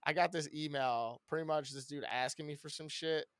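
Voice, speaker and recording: A man co-hosting a podcast, venting about work in loud, rambling, profane casual chat. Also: on the high side, fairly even intonation, fairly quick, clear, resonant tone, no room sound, clean studio sound. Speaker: podcast co-host.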